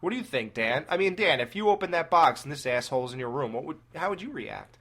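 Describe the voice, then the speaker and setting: A man co-hosting a casual movie review chat, animated and laughing at his own slips. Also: fairly high pitch, fast. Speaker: podcast co-host.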